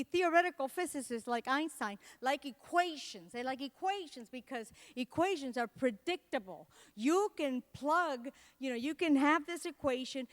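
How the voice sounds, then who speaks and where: A middle-aged woman from Latin America giving a comedic keynote talk, telling animated stories and acting out the people she quotes. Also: high voice. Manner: animated storytelling, acts out quotes. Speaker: keynote speaker.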